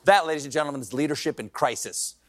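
A man's voice: a little high, fast talker, a bit bright, a little hiss or hum. A man hosting a late-night show, delivering a comedic news monologue with sarcastic, mocking punchlines.

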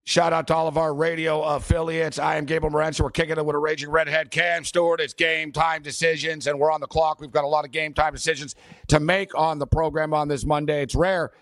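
Male sports host, slightly high voice, dry close sound, casual rambling. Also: level tone, brisk, fairly bright tone, no echo. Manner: rambling, many fillers. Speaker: sports betting show host.

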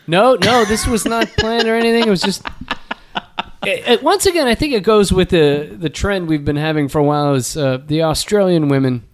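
A man's voice: high-pitched, animated, brisk. A man hosting a casual podcast, reading a listener's story aloud and laughing through the telling. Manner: laughs through his reading, loose and joking. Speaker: podcast host. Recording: loop music bed playing behind.

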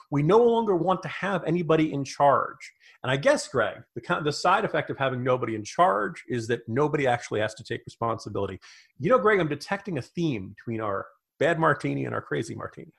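Male co-host, lively pitch, sardonic political commentary. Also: gravelly, breathy edge. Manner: animated, sardonic. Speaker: podcast co-host.

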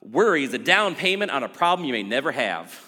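A man's voice: mid-range voice, very animated, quick pace, sharp tone, in a large hall. A man imitating a folksy Southern preacher, putting on a Southern US accent to deliver a quip. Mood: wry. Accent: Southern US, put on.

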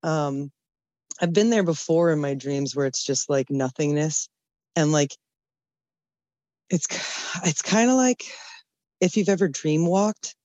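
Mellow woman rambling through a story. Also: deep voice, no echo. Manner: rambling, hesitant with "uh" and "like". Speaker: caller. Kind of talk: casual storytelling.

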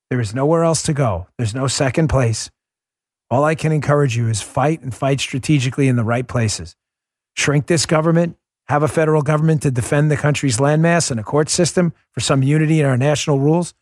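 A man's voice: medium pitch, no echo. Chatty male podcast host, dry sound. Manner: conversational storytelling, many restarts. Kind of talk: casual monologue.

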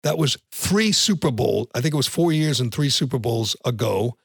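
A man's voice: mid-range voice, animated, normal speed, vocal fry, slightly rough, dry recording, clean studio sound. A man hosting a podcast, ranting bluntly about sports with frequent restarts. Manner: blunt, ranting, repeats words when starting sentences. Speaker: podcast host. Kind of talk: opinionated sports talk.

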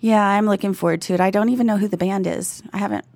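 Texan woman cohosting a podcast, gravelly raspy voice, dry close sound, chatty and laughing a lot. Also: mid-range voice, steady tone, fast, a little mellow, no room sound. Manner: chatty storyteller, laughs often. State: raspy from recent illness. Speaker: podcast co-host. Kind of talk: casual chat.

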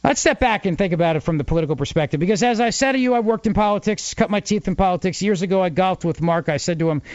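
Fill-in radio host: a New man with a high voice, punchy and mocking on a dry, lo-fi feed. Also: racing, hardly any pauses, a little mellow, no echo. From New Jersey. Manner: argumentative, emphatic, mocks opponents. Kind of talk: talk radio political monologue.

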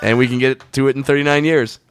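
Male podcast co-host, clean smooth voice, dry close sound, joking banter. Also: medium pitch, fairly even intonation, fast, no echo. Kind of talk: casual comedy podcast chat.

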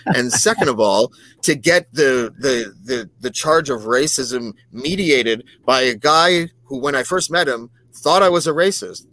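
A man guesting on a podcast, talking in a loose, animated way, swearing and joking with mock aggression. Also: medium pitch, no echo. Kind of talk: casual chat.

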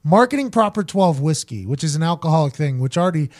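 Man, podcast host, high pitched, animated, emphatic, casual sports chat. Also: quick pace. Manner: animated, emphatic, repeats points; profane, joking.

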